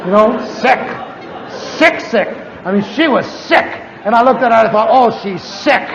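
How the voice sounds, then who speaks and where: A preacher telling a personal testimony in a sermon, animated and chuckling, repeating his words for effect. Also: very high voice, moderate pace, gravelly, crowd noise, background noise. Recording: dull lo-fi audio with long hall reverb.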